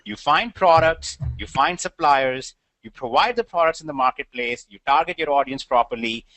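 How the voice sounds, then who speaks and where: Bright, dry-voiced man explaining a business model. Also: fairly high pitch, moderate pace, dry recording. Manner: steady, explanatory, listing points. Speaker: co-host of a sales webinar. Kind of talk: sales webinar explanation.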